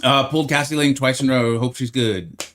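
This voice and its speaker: A man's voice: mid-range voice, steady tone, a little fast, fairly bright tone. A man with an ordinary mid-range voice hosts a live game stream. He sounds upbeat and talkative, reading out viewers' names and chatting with them casually. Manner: upbeat, greets chat by name, chatty.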